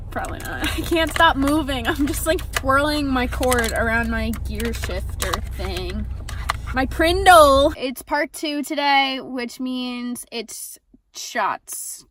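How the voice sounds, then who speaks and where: A young woman in her car telling a sarcastic, expressive storytime vlog, swearing freely. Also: sits high, takes it slowly. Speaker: vlogger.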